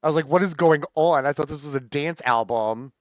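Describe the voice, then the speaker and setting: A young man streaming live, chatting casually and gushing with sudden shrieks of excitement. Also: a little high, fairly quick, no room sound. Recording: slightly dull, dry sound.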